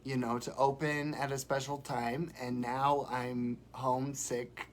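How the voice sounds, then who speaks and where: A man chatting and rambling warmly on a live stream from home while sick, showing gifts and telling stories. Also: medium pitch, little pitch movement, unhurried. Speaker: vlogger. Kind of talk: casual live-stream chat.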